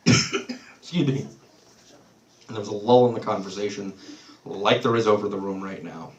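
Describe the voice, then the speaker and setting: A man's voice: fairly low pitch, normal speed, muffled recording. Roomy, distant stand-up comic, man. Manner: loose, swearing, loses his place and laughs it off. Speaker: stand-up comedian. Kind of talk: live stand-up set. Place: small comedy club stage. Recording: roomy club sound from off-mic.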